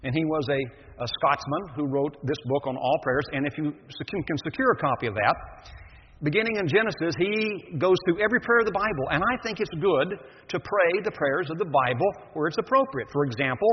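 An older man preaching a sermon as pastor, reading scripture then explaining it in a measured, earnest way. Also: a little high, animated, a little hiss or hum. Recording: echoey dull lo-fi hall recording.

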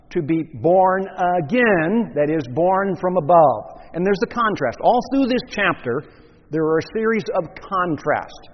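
A man preaching a teaching sermon, measured and explanatory, asking the listeners rhetorical questions. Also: on the high side. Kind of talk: expository sermon. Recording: muffled, echoey hall recording.

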